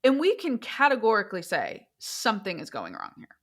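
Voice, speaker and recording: A woman in her thirties, a therapist and podcast co-host, chatting casually and animated when she tells a story. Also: medium pitch, a little fast.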